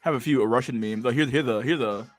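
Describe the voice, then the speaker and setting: A man's voice: medium pitch, quick pace, soft background music. A man hosting a casual livestream, rambling crudely and swearing as he reacts to memes. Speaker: livestream host.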